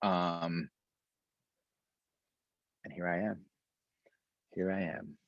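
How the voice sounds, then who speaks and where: A man with a fairly low voice answers interview questions in a loose, slang-filled way, full of "um"s and "like"s. The sound is dull and lo-fi and very dry, like a video call. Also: drawn-out words, vocal fry, dry recording. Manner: relaxed and slangy, many fillers. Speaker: school administrator.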